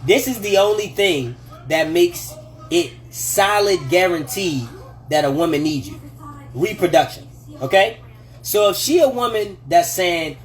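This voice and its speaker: High-voiced, animated man on a livestream. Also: a little slow. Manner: animated, profane, laughs often, acts out quoted voices. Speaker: livestream host giving relationship advice. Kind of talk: casual livestream talk. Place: home kitchen.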